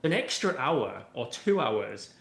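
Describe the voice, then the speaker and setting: A man's voice: medium pitch, sing-song, slow pace, a bit bright. A man with a middle-range voice answers interview questions in a loose, conversational flow. He keeps checking in with "right?" and filling with "you know" while he explains. The recording carries a roomy echo. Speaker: AI and automation expert, podcast guest. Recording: roomy echoey room sound.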